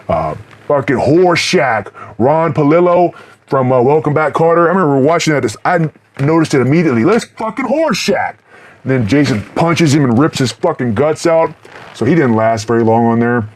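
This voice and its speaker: A middle-aged man reviewing horror movies in a casual, rambling way, swearing constantly and breaking into loud laughs. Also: on the high side, fairly quick. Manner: profane, rambling, bursts into loud laughs and shouts.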